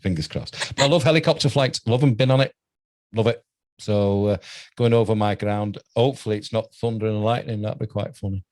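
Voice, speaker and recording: Man in his sixties, british accent, radio host, chatty storyteller, lowish voice. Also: steady tone, a little fast, a little mellow. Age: 60s. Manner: chatty anecdotal storyteller, laughs often. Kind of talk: casual interview chat.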